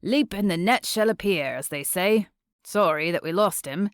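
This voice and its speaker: A woman voicing a gruff older male surf shop owner with a booming, put-on Australian accent and a laid-back, chatty manner, in an audiobook. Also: expressive, moderate pace, no room sound, studio quality. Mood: reminiscing.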